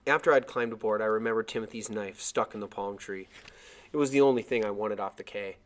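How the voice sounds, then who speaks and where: A man reading a chapter of a novel aloud as narrator, with expressive storytelling. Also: on the low side, fairly quick.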